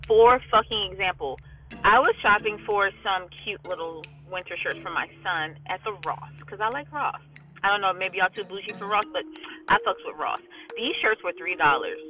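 A woman with a bright, forceful voice rants bluntly and with lots of swearing, talking straight to camera from a parked car. The sound is a little dull, with faint music underneath. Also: mid-range voice. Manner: blunt, profane, animated storytelling. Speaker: vlogger. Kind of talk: casual monologue vlog.

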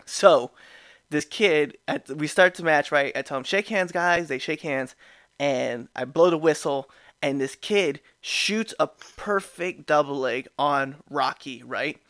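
A man hosting a podcast, telling a story in a casual, animated way with frequent laughs and restarts. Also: a little high, slow, no room sound, studio quality. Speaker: podcast host.

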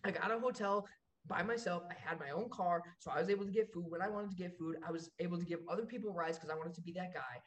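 A man's voice: high voice, quick pace. A young man co-hosting a podcast, chatting casually and telling stories with lots of fillers and laughter. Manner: excitable, laughing storyteller with many fillers. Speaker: podcast co-host. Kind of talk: casual chat.

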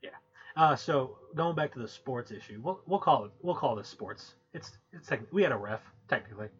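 A man in a rambling, laid-back mood chats casually as a podcast co-host and swears freely. His voice sits at an ordinary pitch. The sound is dull and muffled. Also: animated, brisk. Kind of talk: casual chat.

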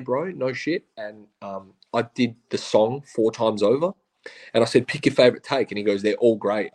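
A man with an Australian accent, a podcast guest telling stories in casual, slangy chat and acting out what others said. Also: fairly low pitch. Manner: animated, slangy, acts out quotes of others. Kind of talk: casual storytelling.

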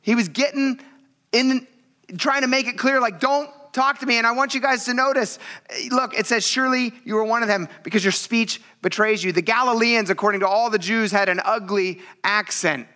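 Man, pastor, sermon, animated storyteller, high voice, bright tone. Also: normal speed. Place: church.

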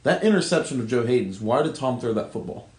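An opinionated man co-hosting a casual sports podcast, swearing freely as he jokes. His voice sits at a middling pitch. The room is echoey and roomy. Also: lively intonation, fast talker, darkish tone. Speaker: podcast co-host.

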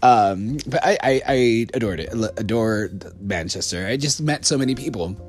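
A man's voice: fairly low pitch, animated, moderate pace. Rambling young American man telling stories. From United States. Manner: rambling, lots of fillers and restarts, laughs often. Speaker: storyteller. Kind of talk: casual storytelling to camera.

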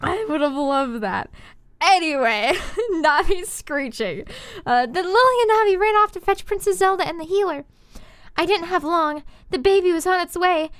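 A woman's voice: very high-pitched, normal speed, a bit bright, no room sound. A young woman hosting a comedic fan fiction reading, with giggly, self-deprecating asides.

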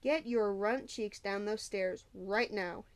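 A woman's voice: a little high, brisk, a little mellow, natural voice. A woman voicing an angry, commanding teenage boy who threatens and gives orders, in a storybook reading. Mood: threatening.

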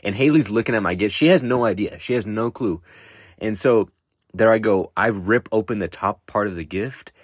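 A young man hosts his own solo podcast in a lowish, slightly breathy voice at a normal pace, recorded clean in a studio with no room sound. He tells a story loosely and ramblingly, laughing often and swearing freely.

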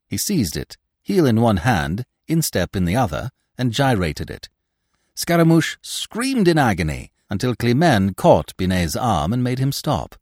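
Man, classic novel narration, dramatic, very lively pitch, dry close sound. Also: unhurried, breathy edge, no room sound. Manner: expressive, dramatic reading.

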